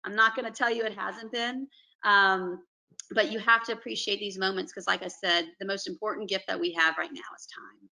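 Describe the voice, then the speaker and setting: A periodontist woman from Alabama, talking earnestly and warmly over a video call on a panel. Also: mid-range voice, fairly even intonation, brisk, vocal fry, rough recording. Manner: earnest, effusive, says "y'all".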